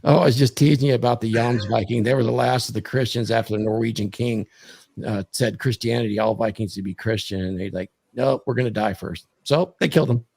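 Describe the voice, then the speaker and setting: A man's voice: mid-range voice, quick pace, vocal fry, darkish tone, breathy edge. A man hosting a livestream, joking, laughing and welcoming guests in casual chat. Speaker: livestream host.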